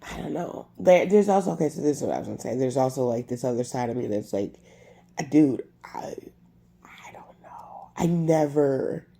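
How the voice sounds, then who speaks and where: A woman talking to camera in a personal confessional vlog, halting with lots of fillers and restarts, upset and irritated, a bit congested. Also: extremely low pitch, expressive, vocal fry, mellow. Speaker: vlogger.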